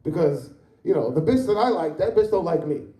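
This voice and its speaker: A fifty-year-old man doing stand-up, rambling and cursing freely in a slightly high voice with a mellow, relaxed tone. He is heard from away from the mic in an echoey room. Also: a little fast, distant mic. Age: 50s. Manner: profane, rambling, conversational. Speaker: stand-up comedian. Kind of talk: stand-up comedy set.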